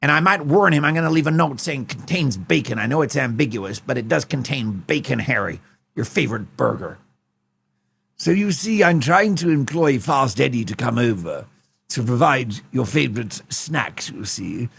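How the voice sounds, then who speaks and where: A man's voice: medium pitch, lively intonation, creaky, fairly bright tone, husky, exaggerated voice. A man putting on an impression of a plummy, pompous older king who rambles and keeps trailing off with "you see". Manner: pompous, ends phrases with a drawn-out "you see".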